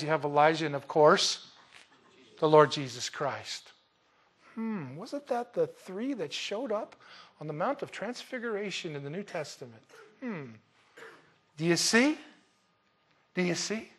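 A man delivers a sermon with a slightly raised pitch for his sex. He jokes with his listeners and swings from loud, emphatic lines down to quiet asides. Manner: lively, joking, dramatic swings in loudness. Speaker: pastor.

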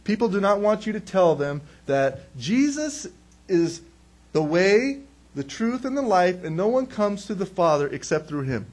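A man's voice: on the high side, moderate pace, slightly rough. A man preaching a sermon in a conversational way, asking questions and answering them himself, and acting out quotes. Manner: animated, acts out quotes. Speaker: pastor.

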